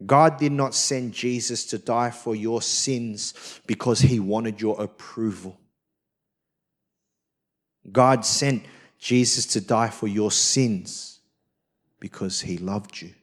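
A male pastor delivering a sermon, telling a personal story with lively swings between loud emphasis and quiet, soft lines. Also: fairly low pitch, slow. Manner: acts out quoted voices.

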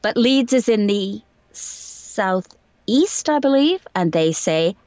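A woman's voice: medium pitch, lively intonation, slow, a little mellow, no room sound, highs cut off. Woman with light received pronunciation. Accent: light received pronunciation English. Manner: chatty, self-deprecating, explains with examples. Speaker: voice actor guest. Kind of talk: casual interview chat.

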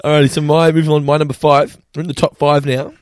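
A man, co-hosting a podcast in casual chat, animated and quick. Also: a little high, no room sound, clean studio sound. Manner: animated, quick, does quick quotes in character voices. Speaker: podcast co-host.

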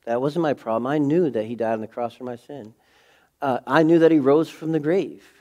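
Earnest preaching man, mid-pitched. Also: brisk, darkish tone. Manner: earnest, intimate and confessional, building to fervent preaching. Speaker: pastor. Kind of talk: sermon. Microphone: speaking to a camera.

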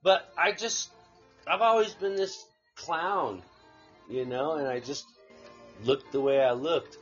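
A man's voice: a little high, slow, slightly rough, lo-fi sound, faint music behind. A man casually telling a rambling story on a live stream, swearing freely and laughing along the way. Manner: profane, rambling anecdote with laughs.

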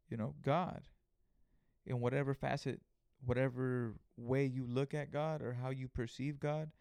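Profane, animated man telling stories. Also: medium pitch, clean tone, dry recording, studio quality. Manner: profane, animated retelling with acted-out quotes. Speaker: podcast host. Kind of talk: casual storytelling monologue.

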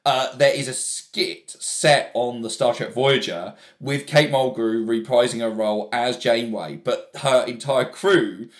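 A man co-hosting a podcast in relaxed casual chat, laughing along. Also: mid-range voice, measured pace, hardly any pauses. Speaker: podcast co-host. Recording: roomy echo.

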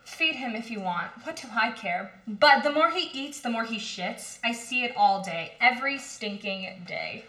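A woman's voice: a little high, expressive, normal speed, few pauses. A woman reading a bitter, fed-up mother. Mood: contemptuous. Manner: contemptuous, sharp. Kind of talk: amateur play reading. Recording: echoey room.

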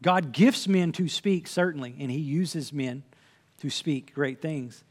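A man's voice: on the high side, unhurried. A man preaching a sermon from the pulpit, earnest and conversational, quoting scripture as he teaches. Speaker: pastor.

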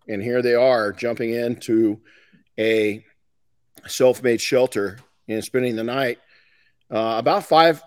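A man's voice: mid-range voice, no room sound. A middle-aged man hosting a podcast, talking casually and folksily with frequent restarts. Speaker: podcast host. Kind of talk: casual motivational talk.

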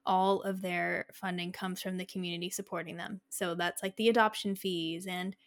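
A woman co-hosting a podcast in casual chat, relaxed and rambling with fillers. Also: fairly low pitch, normal speed. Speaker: podcast co-host.

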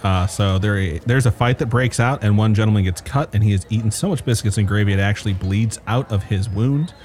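A man's voice: on the low side, brisk, darkish tone, slight background noise. A man narrating as game master in a casual, joking manner, swearing now and then.

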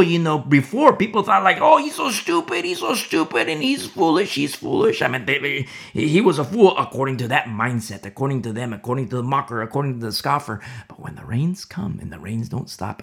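A man's voice: mid-range voice, creaky. A man preaching a sermon in an emphatic, storytelling way, often repeating himself for emphasis.

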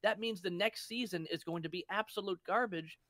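Guy on a podcast getting worked up, bright voice, dry close mic. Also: sits high, fairly quick, dry recording. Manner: animated, emphatic critic. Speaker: podcast co-host. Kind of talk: casual chat.

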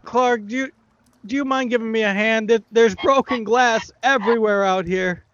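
Man doing a shrill, whiny goblin cook, pitched way up, lo-fi. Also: normal speed, fairly bright tone, slight background noise. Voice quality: high squawky yelps. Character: panicky goblin cook calling out.

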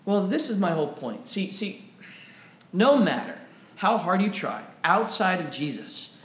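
A pastor with a fairly high voice delivers an animated sermon at a slightly slow pace, tripping over repeated words as his energy builds. The sound echoes around a reverberant church room.

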